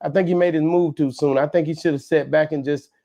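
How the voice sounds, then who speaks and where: A man talking in a relaxed, casual chat, often restarting his sentences with "uh" and "you know". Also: a little high, fast talker, creaky. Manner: relaxed, hesitant with repeated starts. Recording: slightly dull lo-fi audio.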